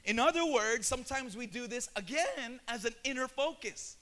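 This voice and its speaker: A young man with a Filipino accent preaches with high-pitched fervor. He swings between easy, joking asides and rising, shouted prayers. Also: expressive, fairly quick, hardly any pauses. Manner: passionate, builds to shouting, mixes in Tagalog. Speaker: pastor. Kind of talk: sermon.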